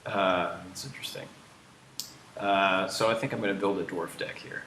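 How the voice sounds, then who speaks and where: A man's voice: sits low, steady tone, normal speed, pushed and bright, slight background noise. Joking American man in an echoey room. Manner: joking, teasing, explains features. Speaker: game developer hosting a stream. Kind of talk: casual livestream chat.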